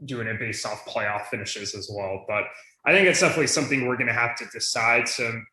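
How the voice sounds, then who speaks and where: Bright-voiced young man in an echoey room. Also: medium pitch, fairly quick. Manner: many fillers, thinks aloud. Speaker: podcast co-host. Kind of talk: casual fantasy league chat.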